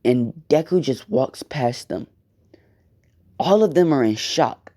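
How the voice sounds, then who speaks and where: Brief: young male storyteller, casual and rambling, heavy slang, unhurried, warm dark tone. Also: medium pitch, expressive. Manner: loose slang and profanity, rambling asides. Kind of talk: casual fan-fiction storytelling.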